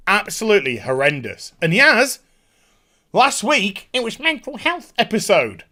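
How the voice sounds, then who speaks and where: Male TV reviewer, high animated voice, scornful casual rant. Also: normal speed. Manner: sarcastic, sweary, mocking. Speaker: YouTube TV reviewer.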